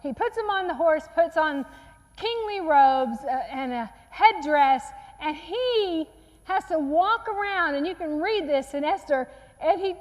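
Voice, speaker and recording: High-pitched woman preaching, earnest storytelling, long church echo. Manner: earnest storytelling, acts out quotes softly. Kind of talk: sermon retelling a Bible story. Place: church sanctuary.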